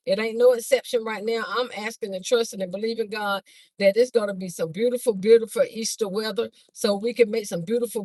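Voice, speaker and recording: An older woman speaking chats with her livestream viewers while riding in a car. Her voice sits a little high, and her talk is folksy and loose, aimed straight at the people watching. The sound is dry and close, as from a phone. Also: dry recording, rough recording. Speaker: livestream host, Easter basket seller. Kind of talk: casual livestream chat with viewers. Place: in a moving car.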